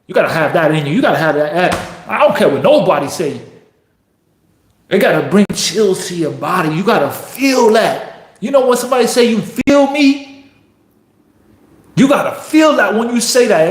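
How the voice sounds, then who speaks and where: Man, young adult, pro basketball player, motivational speech, fairly high voice, roomy echo. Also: animated, normal speed. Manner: intense, repetitive, builds to emphatic peaks. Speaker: professional basketball player giving motivational talk. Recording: echoey room.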